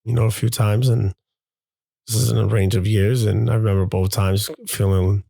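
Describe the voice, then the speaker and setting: Man, dad hosting his own show, candid confessional monologue, halting and repetitive, gravelly, dark tone. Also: fairly low pitch, level tone, dry recording. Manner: confessional, halting, repeats himself as he gathers thoughts. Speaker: father and show host.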